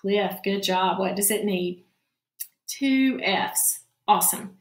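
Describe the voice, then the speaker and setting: Patient female phonics teacher, slow and encouraging, echoey room. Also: mid-range voice. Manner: slow, patient, encouraging, frequent "all right, good job". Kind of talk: recorded phonics lesson for children. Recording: roomy, echoey classroom-style sound.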